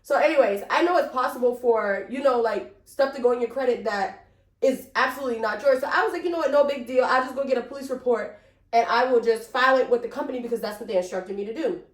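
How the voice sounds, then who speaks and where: Animated, chatty woman in an echoey room. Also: a little high, quick pace. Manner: animated, chatty, swears freely, addresses viewers as y'all. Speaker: vlogger. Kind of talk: casual storytime vlog.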